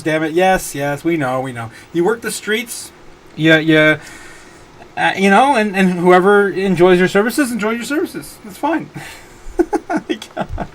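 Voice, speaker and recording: A man hosting a casual livestream, reading viewer chat and rambling, often breaking into helpless laughter. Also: sits high. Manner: rambling, many fillers and restarts. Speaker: livestream host.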